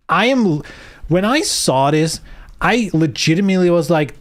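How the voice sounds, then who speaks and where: A man's voice: fairly high pitch, big pitch swings, normal speed. Sarcastic ranting male streamer. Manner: sarcastic, exasperated ranting with frequent swearing. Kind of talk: live stream commentary.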